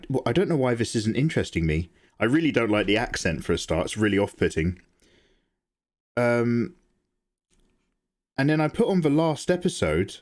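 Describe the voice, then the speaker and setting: A man hosting a live drawing stream, chatting casually and reacting to viewer messages, laughing often. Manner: chatty, animated, laughs often, jumps to high pitch when excited. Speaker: art livestream host. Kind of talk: casual chat while drawing, reading chat.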